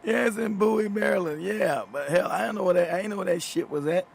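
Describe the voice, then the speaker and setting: A man's voice: high voice, brisk, gravelly, slight background noise. A middle-aged man hosting a talk show, telling a story casually, often laughing, swearing and repeating words. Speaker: show host.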